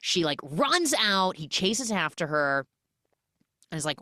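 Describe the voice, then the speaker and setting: This podcast host has a lowish voice and a measured pace, recorded dry with studio quality. Recapping movies casually, she brings scenes to life by performing what characters say, sprinkling in plenty of "like."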